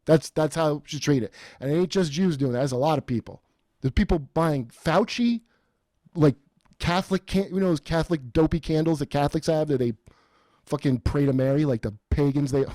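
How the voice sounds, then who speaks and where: A man's voice: on the high side, darkish tone, dry recording, clean studio sound. Profane rambling man on a podcast. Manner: profane, rambling, mocking quoted voices. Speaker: podcast host. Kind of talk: casual comedic chat.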